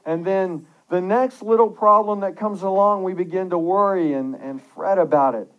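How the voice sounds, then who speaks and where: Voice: mid-range voice, moderate pace, dull audio. A pastor giving an earnest, conversational sermon, reading scripture and devotional passages aloud and often restarting phrases.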